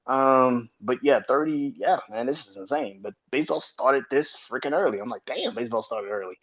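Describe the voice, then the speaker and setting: A man's voice: moderate pace, fairly bright tone, lo-fi sound. Profane thirty-something male sports podcaster. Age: 30s. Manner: loose and profane, rants with sudden high-pitched outbursts. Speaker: podcast host. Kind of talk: casual solo sports podcast.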